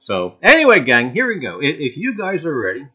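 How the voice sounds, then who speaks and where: A livestream host with a New Jersey accent greets chat viewers by name, peppering his talk with lots of "uh"s. His husky, higher voice swoops wildly in pitch at a fairly quick pace, and the stream audio is dull and lo-fi.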